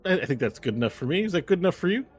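A man's voice: on the high side, big pitch swings, rapid-fire, voice pushed up. A man voicing a boastful, rambling immortal devilish figure in a bar during a tabletop game. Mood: sly. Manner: chatty, rambling, tipsy.

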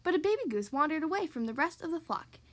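A woman hosting a podcast, reading a picture book aloud to young children in a bright, expressive storytelling manner. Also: high voice, quick pace. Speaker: podcast host reading to kids.

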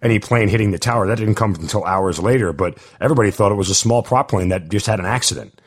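Low-voiced male interviewer. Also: fast, breathy edge. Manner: direct, guiding questions. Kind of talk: interview questions.

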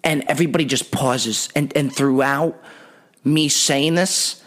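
A man hosting a podcast, telling a funny story in an animated, rambling, wry way. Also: medium pitch, a little slow. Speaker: podcast host. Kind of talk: comedic storytelling monologue.

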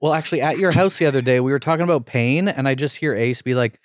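A man co-hosting a podcast in casual chat, reacting quickly. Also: medium pitch, no room sound, studio quality. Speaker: podcast co-host.

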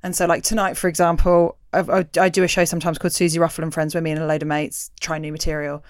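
A woman's voice: little pitch movement, quick pace, no echo, clean studio sound. A woman, a stand-up comic hosting a casual interview and acting out quoted voices. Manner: chatty, acts out quoted voices with big pitch jumps. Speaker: podcast host and stand-up comic.

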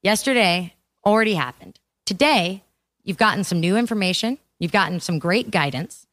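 A woman's voice: medium pitch, animated, moderate pace, a bit bright, no room sound. A woman hosting a podcast, interviewing a guest in an upbeat, encouraging, casual way. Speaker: podcast host.

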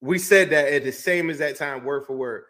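A man casually telling a lively story, full of fillers and restarts, acting out what people said. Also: a little high, normal speed. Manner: animated storyteller, acts out quotes, many fillers and restarts. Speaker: guest recounting a game. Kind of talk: casual chat.

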